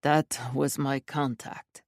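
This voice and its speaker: A woman voicing a grim, steady man. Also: sits low, takes it slowly, vocal fry, no room sound, clean studio sound, voice pushed down, heavily acted. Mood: measured. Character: tense man, her partner, steady and grim.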